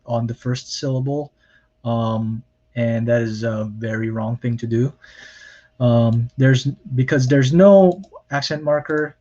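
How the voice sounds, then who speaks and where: A man's voice: medium pitch, darkish tone, dull audio. A man teaching a recorded lecture on grammar, explaining step by step, with many fillers and self-corrections. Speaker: Hebrew lecturer.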